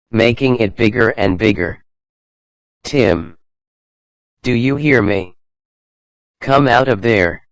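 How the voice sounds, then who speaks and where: A man narrating a children's adventure storybook in a slow, even reading manner. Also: lowish voice, dry recording, rough recording.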